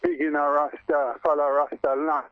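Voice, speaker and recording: A man's voice: fairly high pitch, little pitch movement, moderate pace, no room sound. A man with a Jamaican accent calling in to a radio show, talking emphatically and repeating his points over a muffled phone line. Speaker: caller. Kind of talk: call-in radio chat.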